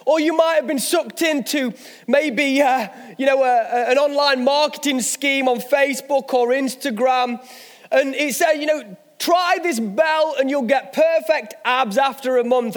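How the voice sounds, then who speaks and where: A man's voice: very high-pitched, big-room sound. A man, a pastor, preaching a sermon, telling stories with self-mocking humor. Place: church hall.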